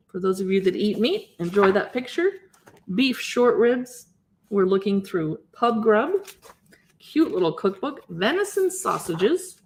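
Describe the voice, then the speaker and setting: A woman's voice: mid-range voice, big pitch swings, unhurried, darkish tone, a little hiss or hum. Chatty, enthusiastic woman live-streaming. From Seattle area. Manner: chatty and enthusiastic, musing aloud over recipes. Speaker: cookbook channel host. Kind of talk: casual live-stream chat flipping through cookbooks.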